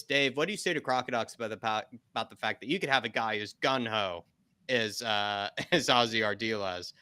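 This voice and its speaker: Male watchalong host, bright crisp tone, dry close sound, measured and chatty. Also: lowish voice, dry recording. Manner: measured, conversational, reads viewer messages aloud. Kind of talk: live match chat reading super chats.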